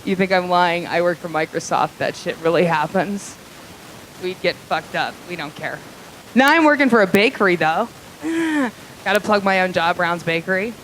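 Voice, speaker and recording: A woman's voice: fairly low pitch, normal speed, fairly bright tone, slight background noise, rough recording. A woman performing a live stand-up set in a comedy club, with a profane, crude, conversational delivery.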